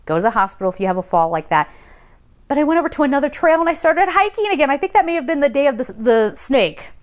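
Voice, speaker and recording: A young adult woman vlogging, telling a rambling personal story in a chatty, animated way and laughing now and then. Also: sits high, fast talker. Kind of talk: casual storytelling. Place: Colorado Springs.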